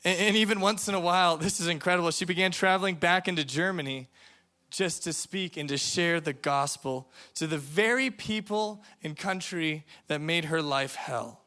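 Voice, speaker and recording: A man's voice: on the high side, moderate pace, pushed and bright. A man preaching to a youth camp, telling a story earnestly and reading quotations aloud. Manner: earnest storytelling, reads quotes aloud, varies volume for emphasis. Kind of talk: youth sermon.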